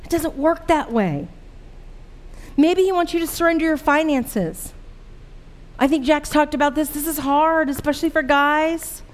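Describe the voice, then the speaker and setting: High-pitched lady pastor preaching, casual and earnest, lots of asking the crowd stuff. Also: measured pace. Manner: earnest, conversational preaching with rhetorical questions. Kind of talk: sermon.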